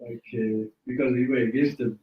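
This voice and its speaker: Dull audio from a distant mic in a roomy home captures a man from Sri Lanka, a Buddhist monk, giving a casual dharma talk. His mid-range voice is steady and moderately paced, and he chuckles often while correcting himself.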